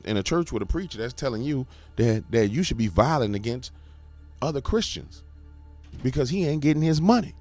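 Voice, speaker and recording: A man's voice: medium pitch, a little mellow. A man hosting a political commentary show, ranting emphatically with rhetorical questions. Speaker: commentary host.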